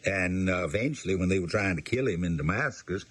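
Husky low-voiced man teaching scripture. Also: animated, fairly quick, fairly bright tone. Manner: reads scripture aloud, then explains it in plain talk. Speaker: Bible teacher. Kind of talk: Bible teaching.

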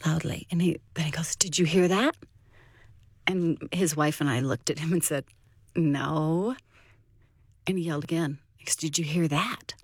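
A woman recounting a family rescue story in a halting, conversational way. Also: low-pitched, slightly rough, no echo, clean studio sound. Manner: halting, many restarts and fillers. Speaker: interviewee telling a rescue story. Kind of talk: personal storytelling.

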